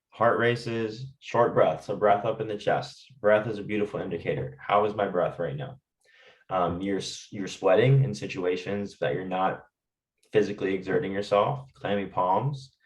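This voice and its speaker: A man calmly teaching stress management and guiding listeners through breathing exercises, often checking in with "right?". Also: on the low side, roomy sound, distant mic, poor audio. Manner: calm, talks directly to listeners with fillers and "right?". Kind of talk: guided lesson with breathing exercises.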